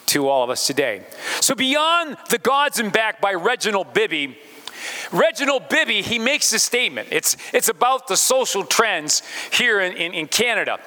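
High, bright-voiced man preaching. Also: big pitch swings, a little slow, in a large hall. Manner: speaks straight to the congregation with questions. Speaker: pastor. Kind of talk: sermon.

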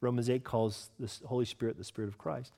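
A man preaching a sermon as pastor, earnest and teaching, asking the congregation questions and slowing down to stress scripture. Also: medium pitch, steady tone, vocal fry, mellow. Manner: stresses key words, slows down for scripture.

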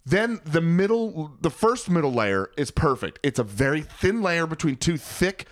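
A man's voice: fairly high pitch, sing-song, normal speed. A young man co-hosting a podcast, chatting casually with blunt, profane opinions. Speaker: podcast co-host.

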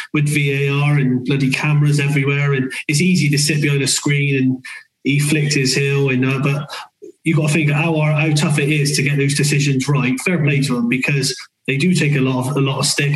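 A man's voice: on the high side, reverberant, poor audio. A man, a football manager, speaking as a podcast guest in a rambling, hesitant way with fillers. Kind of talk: casual podcast chat.

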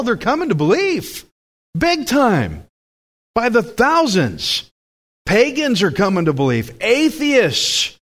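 Emphatic male preacher, fairly high voice. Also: very animated, unhurried. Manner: emphatic, asks the congregation questions. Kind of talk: sermon.

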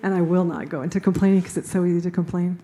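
A woman's voice: fairly low pitch, fairly even intonation, very fast, warm tone. A woman speaking casually and spontaneously as a panel participant, laughing often between phrases.

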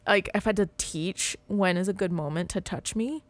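A woman's voice: mid-range voice, no echo. Bubbly rambling woman in her thirties. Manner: bubbly, rambling, full of "like" and quick laughs. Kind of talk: casual chat.

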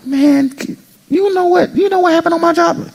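A male pastor preaching an animated sermon, joking with the congregation and acting out people's inner voices. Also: extremely high pitch, moderate pace, creaky. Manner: jokes and teases the congregation.

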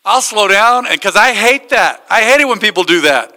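A man's voice: high-pitched, lively intonation, normal speed, sharp tone, big-room sound. A man, a pastor, preaching a sermon and telling stories with acted-out quotes. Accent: American.

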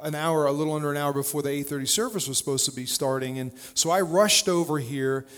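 A man preaching a sermon with a fairly high voice, loose and conversational, telling stories with frequent "uh" and "you know." His voice rings out with a long reverb, as if recorded in a large church hall. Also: quick pace. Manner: conversational storytelling with frequent fillers. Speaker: pastor.

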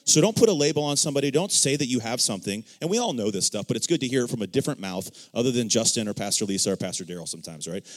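Animated man telling a faith story. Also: fairly low pitch. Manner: animated storyteller acting out quoted dialogue; says "right?" often to check in with listeners. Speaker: church member sharing testimony. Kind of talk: casual faith discussion.

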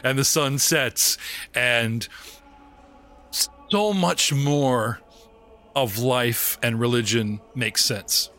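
A man narrating a tabletop game as game master, animated and joking, often breaking into laughs. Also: medium pitch, extremely slow, pauses often, faint music behind.

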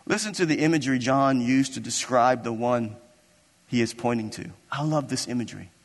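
A man's voice: medium pitch, a little fast, in a large hall. A man preaching a sermon as pastor, impassioned and building into emphatic, repeated declarations.

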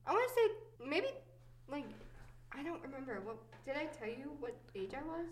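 A woman's voice: high-pitched, sing-song, moderate pace. A young woman hosting a podcast, telling personal stories in casual chat, chatty and giggly with many fillers. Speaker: podcast host.

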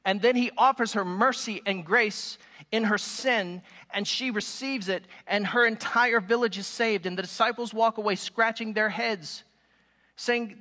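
A man delivers an animated sermon with emphatic storytelling, his voice high-pitched and bright. He speaks to listeners in a room, and long reverb trails after his lines. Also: unhurried. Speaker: preacher.

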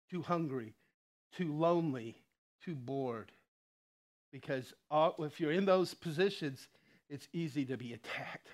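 A man preaching a sermon in a conversational way, with frequent chuckles and asides. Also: fairly high pitch. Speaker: lay preacher.

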